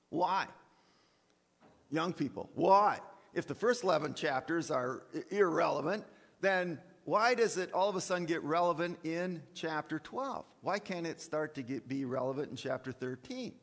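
Animated preacher in an echoing church. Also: male voice, a little high, normal speed. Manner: animated, with repeated words and sarcastic asides. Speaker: preacher and college teacher. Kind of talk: sermon.

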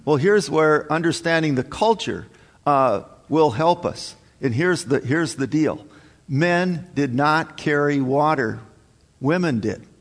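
A man preaching a sermon in a folksy, halting way, reading scripture and restarting his sentences often. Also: a little high, expressive. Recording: long hall reverb.

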